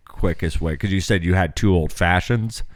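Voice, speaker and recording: A man's voice: deep voice, normal speed, dry recording, studio quality. A man hosting a casual radio show, teasing and cracking jokes at his co-host. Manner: wisecracking, teasing.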